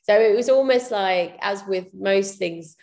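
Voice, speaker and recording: A woman's voice: mid-range voice, measured pace, a little mellow. A woman, a business founder talking candidly and reflectively in a casual interview, with many fillers and restarts. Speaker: podcast guest, PR business founder.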